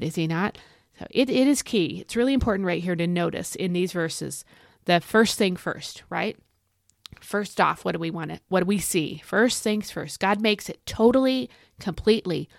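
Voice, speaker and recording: Chatty, gravelly woman teaching Scripture. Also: lowish voice, no echo, clean studio sound. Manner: chatty, folksy, repeats phrases for emphasis. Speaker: podcast host and Bible teacher. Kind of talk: casual devotional teaching. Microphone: home recording.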